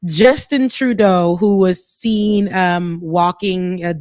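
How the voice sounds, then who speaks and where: A woman of Haitian background co-hosting a podcast, animated and opinionated, sometimes mocking. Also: on the low side, takes it slowly, no echo, studio quality. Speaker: podcast co-host. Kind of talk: casual opinion talk.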